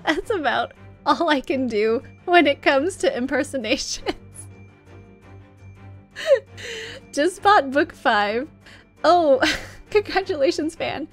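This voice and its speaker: A woman's voice: high-pitched, expressive, slow, long pauses, faint music behind. A young woman streaming a game, chatting casually and reading the game's dialogue aloud with a giggly manner. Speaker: VTuber streamer. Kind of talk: casual live-stream gameplay chat.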